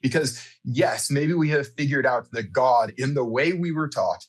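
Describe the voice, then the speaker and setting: A man's voice: mid-range voice, moderate pace. A man being interviewed as a guest, speaking reflectively in long, thoughtful explanations. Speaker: church founder, podcast guest. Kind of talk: conversational interview.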